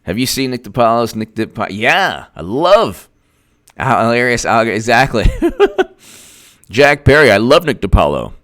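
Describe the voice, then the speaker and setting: A man's voice: medium pitch, big pitch swings, measured pace, fairly bright tone, no room sound, studio quality. Sarcastic man streaming political talk. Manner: sarcastic, mocking, laughs often; reads and answers viewer chat. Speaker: political commentator, host. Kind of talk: casual livestream commentary.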